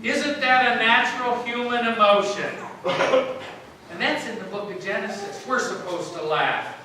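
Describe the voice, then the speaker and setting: A man's voice: high-pitched, moderate pace, bright, forceful tone, slight background noise. A man preaching a sermon to his congregation in a chatty, joking way, often asking them questions. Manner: chatty, jokey, keeps quizzing the congregation. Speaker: pastor. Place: church sanctuary. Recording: very echoey church, mic at a distance.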